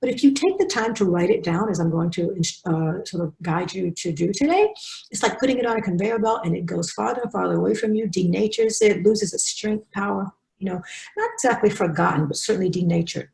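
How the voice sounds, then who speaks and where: A woman teaching a writing webinar, talking quickly and animatedly with frequent restarts. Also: medium pitch, creaky, roomy sound, poor audio. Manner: fast, animated, with many restarts. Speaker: faculty webinar speaker.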